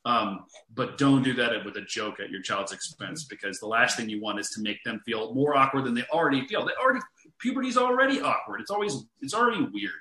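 A man, a guest author, talking earnestly about parenting in a relaxed podcast chat, restarting his sentences often. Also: medium pitch, fast talker, echoey room, low-quality recording. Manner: earnest, restarts often, amused when telling stories. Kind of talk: conversational podcast talk.

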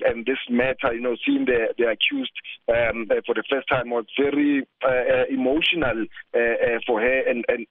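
A man reporting live for the news, halting with many fillers and repeated words. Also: mid-range voice, vocal fry, no room sound. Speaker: field reporter. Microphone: phone. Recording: tinny phone line.

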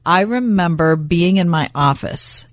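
A woman's voice: on the low side, animated, measured pace, no echo, studio quality. A woman co-hosting a radio show, trading casual banter and telling stories with a teasing wit. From Pittsburgh. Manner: chatty, storytelling, teasing.

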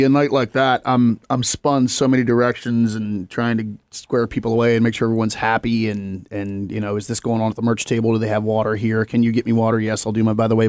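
A man's voice: on the low side, a little mellow, dry recording, studio quality. A man co-hosting a podcast, chatting casually and telling joking stories with acted-out quotes. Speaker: podcast co-host. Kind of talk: casual chat.

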